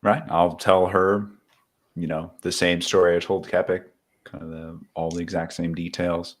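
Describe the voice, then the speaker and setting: A male player talks casually at a tabletop game in a very deep, low voice. He sounds laid-back and easy-going. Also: little pitch movement, normal speed.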